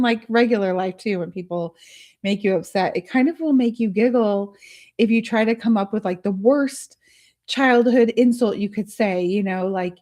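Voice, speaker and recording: A woman's voice: fairly high pitch, darkish tone. Giggly woman hosting a live tutorial. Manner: giggly, chatty, laughs often; thinks aloud while working on screen. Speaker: host of a live art studio stream. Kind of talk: casual live tutorial chat with viewers.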